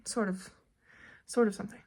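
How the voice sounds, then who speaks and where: A woman's voice: normal speed, dry recording. A young woman vlogging in casual chat from her bedroom, rambling and laughing often, sometimes dropping to a whisper. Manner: coos softly in baby talk at her pet. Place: bedroom at home.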